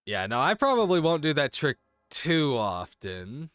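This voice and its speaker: Streamer, casual group stream chat, joking, swears freely, mid-pitched voice, lively pitch. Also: unhurried, no echo, clean studio sound.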